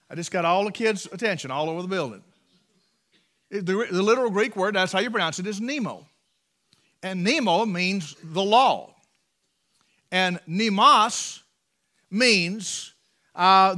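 A man with an Appalachian accent preaching a sermon from the pulpit in a folksy way, repeating words and building to loud, emphatic peaks. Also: high-pitched. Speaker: pastor. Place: church sanctuary.

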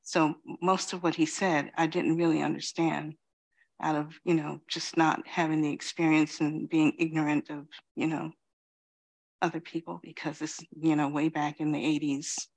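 A middle-aged woman from Queens giving a reflective dharma talk as a Zen teacher, pausing often and saying "you know". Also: sits low, level tone, vocal fry, a little mellow. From Queens, New York City. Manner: slow, reflective, many pauses and "you know".

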